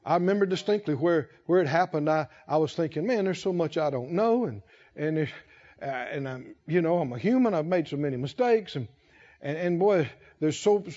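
A man preaching a sermon as pastor, emphatic and repetitive, building key phrases to shouts. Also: a little high, lively intonation, moderate pace, muffled recording.

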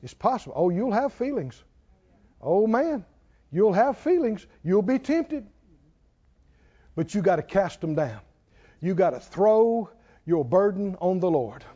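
Male preacher, high pitch, animated, muffled recording. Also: a little slow, long pauses, breathy edge. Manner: animated, rising to near-shouts then dropping low. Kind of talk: sermon. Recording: dull lo-fi sound.

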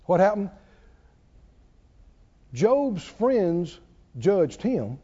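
A man preaching a sermon, conversational and animated, drawing call-and-response from the congregation. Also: very high voice, moderate pace, in a large hall, muffled recording. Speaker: pastor.

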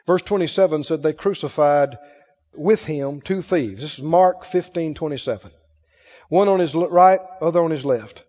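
A man's voice: fairly high pitch, normal speed, dark tone, big-room sound, dull audio. A man preaching a fervent sermon and drawing call-and-response from his congregation.

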